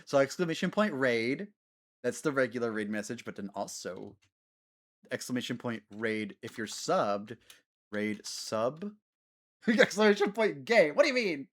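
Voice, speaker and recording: A man streaming a game, chatting casually with his viewers in a giggly, animated way. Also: mid-range voice, unhurried. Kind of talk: casual gaming stream chat.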